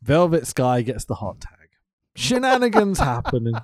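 A man's voice: medium pitch, big pitch swings, normal speed, dry recording. A man co-hosting a casual podcast, recapping wrestling with lots of swearing and laughter. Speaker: podcast co-host.

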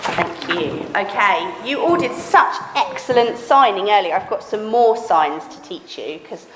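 A woman leading a children's session, teaching hand signs and reading a story to the kids in an animated, teacherly way. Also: medium pitch, unhurried. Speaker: children's ministry leader. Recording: echoey hall with faint background noise.

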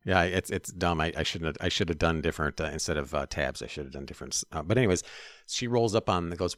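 A man's voice: sits low, fast, fairly bright tone, no room sound, studio quality. A man co-hosting a casual political talk show, blunt and profane, with laughs in between. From Minneapolis area. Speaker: podcast co-host.

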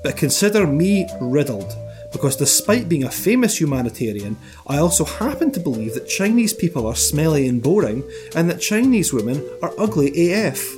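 A man's voice: on the high side, big pitch swings, moderate pace, over music. A man playing a smug male scientist writing a defensive letter, in a sarcastic, self-pitying tone of mock complaint.

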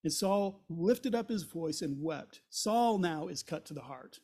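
A man's voice: on the high side, animated, measured pace, a little mellow. A man teaching through a Bible chapter as a pastor, retelling the story and paraphrasing the characters' words in everyday speech.

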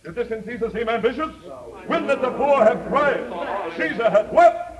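Mark Antony, the Roman orator, delivering a funeral speech at full projection, as a man acts him on stage. The voice sits very high and rings out from far off, with echo and a big crowd behind it. It sounds like an old live theater recording. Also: lively intonation, moderate pace. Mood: orating. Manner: declaiming loudly without amplification. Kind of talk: classical stage acting. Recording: distant, echoey outdoor stage recording with audience.

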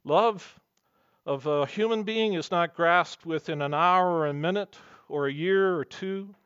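A man's voice: sits high, a little slow, a bit bright, smooth, dry recording, highs cut off. A man preaching a sermon as pastor, earnest and emphatic, weaving in personal stories.

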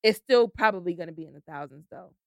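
A woman's voice: fairly low pitch, expressive, fast talker, clean tone, dry recording, dull audio. A woman co-hosting a casual podcast chat, blunt and emphatic, swearing freely and repeating points for emphasis. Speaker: podcast co-host.

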